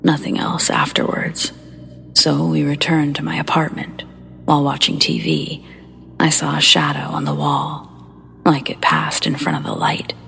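A woman hosting a horror story show, reading first-person accounts in a hushed, breathy whisper with a slow, measured delivery. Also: low-pitched. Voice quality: breathy whisper with gravelly fry. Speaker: horror story narrator and host.

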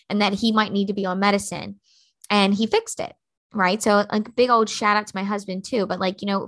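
A woman's voice: mid-range voice, a bit bright. A woman in her thirties hosting a motivational podcast, talking bluntly and emphatically with lots of fillers. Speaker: podcast host.

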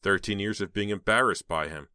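A man narrating an audiobook in a steady, measured storytelling manner. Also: on the low side, smooth, no echo, clean studio sound.

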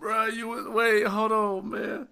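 A man co-hosting a podcast in casual chat, reacting to a friend's stories with slow, laughing disbelief. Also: high-pitched, level tone, gravelly, pushed and bright, clean tone. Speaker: podcast co-host.

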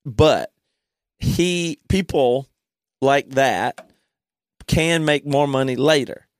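A man's voice: medium pitch, extremely slow, dry recording, clean studio sound. A man chatting casually, rambling through his thoughts with hesitations. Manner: hesitant, rambling with restarts and fillers. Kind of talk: casual chat.

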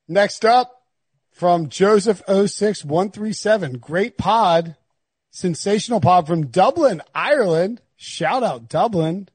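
High-voiced, breathy sports podcast host. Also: male voice, lively intonation, slow pace, a little mellow, dry recording. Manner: laughing, rambling storyteller. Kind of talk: casual sports podcast banter.

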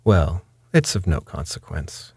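A man's voice: fairly low pitch, lively intonation, normal speed, no room sound. A man doing a cool, courtly pirate captain. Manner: polite, unruffled, gentlemanly. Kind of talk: storybook reading.

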